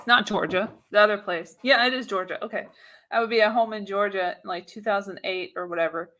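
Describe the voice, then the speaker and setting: A woman's voice: mid-range voice, a little fast, fairly bright tone. Chatty laughing female co-host. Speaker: podcast co-host. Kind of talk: casual chat.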